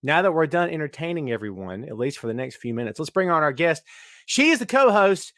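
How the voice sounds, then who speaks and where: A man's voice: a little high, very animated, a little fast, fairly bright tone, no room sound, studio quality. A middle-aged man hosting a live podcast, joking around and greeting viewers by name in casual, hyped-up chat. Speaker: podcast host.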